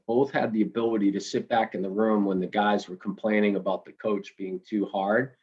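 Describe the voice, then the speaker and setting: In a lengthy conversational interview, a middle-aged guest who is a college baseball head coach spins stories in a husky, lowish, slightly mellow voice. His telling rambles with restarts and circling back, often capped with "right?" The sound is dull and lo-fi, as on a remote call.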